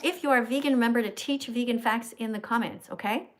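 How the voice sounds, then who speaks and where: A woman hosting a live stream in a blunt, bossy, confrontational way, with quick asides to her viewers. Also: on the high side, fairly bright tone, slight background noise. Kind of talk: casual live-stream chat.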